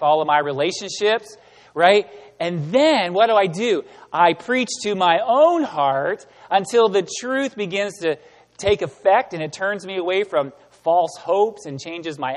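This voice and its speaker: A man giving a sermon as pastor, animated and emphatic, asking the room rhetorical questions. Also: a little high, big-room sound. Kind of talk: sermon teaching.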